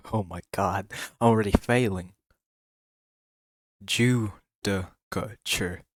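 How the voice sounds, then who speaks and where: A man's voice: on the low side, measured pace, no room sound. A man streaming a game, reading its text aloud and reacting with giggles and stumbles. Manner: giggly, excitable, stumbling over words. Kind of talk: casual let's-play commentary. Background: game music.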